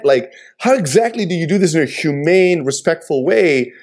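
A man's voice: on the high side, brisk, few pauses, darkish tone. A man in his thirties hosting a conversation, an entrepreneur speaking earnestly and reflectively about hard times. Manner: earnest, reflective, candid with mild swearing. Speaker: podcast host, entrepreneur. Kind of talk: casual conversation.

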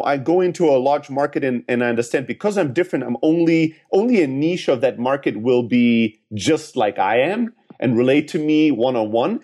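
Speaking at medium pitch with a darkish tone, a man shares sales tips on a podcast in relaxed interview style. He breaks the explanation into steps and keeps tossing in small tag questions to check in.

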